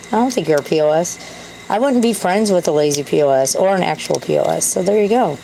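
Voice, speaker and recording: A woman's voice: low-pitched, lively intonation, a little fast, vocal fry, dark tone, a little hiss or hum, poor audio. A woman talking to camera in a candid, self-deprecating, rambling way. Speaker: vlogger. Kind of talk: casual rambling monologue.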